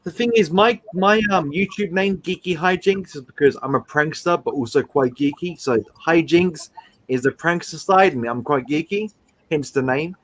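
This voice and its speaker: A man hosting a live stream, telling rambling, animated stories with frequent laughs. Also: on the high side, normal speed. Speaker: streamer host. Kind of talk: casual live-stream chat.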